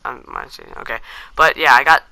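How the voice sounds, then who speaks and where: A teenage boy rambles through a story for his vlog, mocking himself and leaning on fillers. His voice is very bright and sharp, and it sounds close and dry with no room around it. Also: medium pitch, a little fast, gravelly, no echo. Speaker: vlogger. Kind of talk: casual storytelling to camera.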